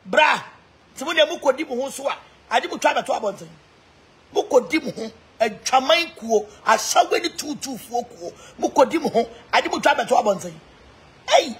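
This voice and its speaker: A woman's voice: high voice, fairly bright tone. A Ghanaian woman mixing Twi and English in a mocking, laughing rant, taunting people online. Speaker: social media personality. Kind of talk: mocking live-stream rant.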